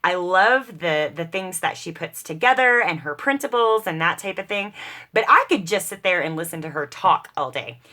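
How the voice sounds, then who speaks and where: A woman talks viewers through a craft project in an easy, rambling way, often laughing at her own mess. Her voice sits a little low but sounds bright and forward. She slips in a playful put-on British accent. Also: expressive, normal speed. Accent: mock British put-on. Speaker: crafting video host. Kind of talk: casual crafting chat while working.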